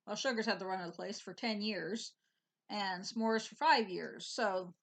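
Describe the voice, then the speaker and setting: A woman in relaxed, rambling casual chat who teases her friend. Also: medium pitch, normal speed. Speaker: host.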